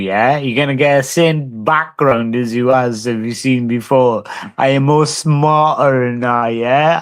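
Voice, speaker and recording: A man's voice: medium pitch, steady tone, a little slow, clean tone. A man, talking casually and swearing a lot as he answers a live stream chat. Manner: brash, sweary, talks back to chat. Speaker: livestreamer.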